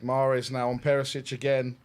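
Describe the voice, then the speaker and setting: A man hosting a live match watch-along, reacting with loud exclamations and reading out viewer messages. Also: mid-range voice, completely flat delivery, fairly quick. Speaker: host of a fan watch-along stream.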